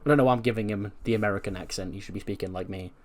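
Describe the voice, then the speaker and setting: A man's voice: lowish voice, racing. A man hosting a casual let's-play commentary in a laid-back way, swearing now and then. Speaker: gaming video host.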